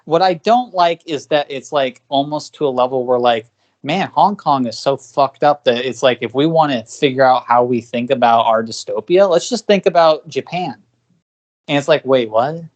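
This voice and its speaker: A man's voice: medium pitch, highs cut off. Rambling male podcast co-host. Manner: rambling, animated, quick asides. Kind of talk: casual chat.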